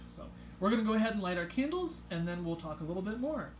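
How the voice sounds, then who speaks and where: A woman in her thirties leading a home Sunday school lesson for children, speaking gently and encouragingly and reading a storybook aloud. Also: mid-range voice, sing-song, fast talker, background noise. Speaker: Sunday school teacher, parent. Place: family home.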